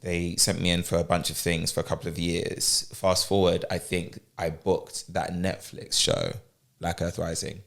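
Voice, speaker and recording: A young man from England, a guest actor, chatting in a relaxed, storytelling way. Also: deep voice, normal speed, vocal fry. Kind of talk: casual interview chat.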